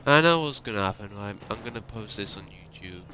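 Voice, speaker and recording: A man's voice: fairly low pitch, animated, brisk, pushed and bright, slight background noise. A man ranting in an upset, emotional way and swearing often, as a YouTuber talking to his viewers. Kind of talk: ranting monologue.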